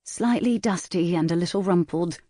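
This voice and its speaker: A man's voice: high voice, moderate pace, dark tone, no room sound, clean studio sound. Man narrating an audiobook. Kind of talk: scripted narration.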